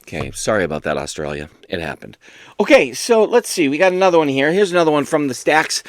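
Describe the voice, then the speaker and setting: A man's voice: a little high, very animated, fast, no echo, studio quality. A man hosting a book video, rambling and joking at his own expense in casual chat. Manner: rambling, self-mocking and jokey. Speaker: booktube host.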